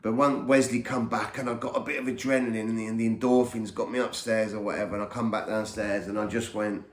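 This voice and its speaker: Man, podcast host, rambling storyteller, lowish voice, echoey room. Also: steady tone, fast talker. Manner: rambling, repeats words while recalling events. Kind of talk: personal storytelling. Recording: roomy echo.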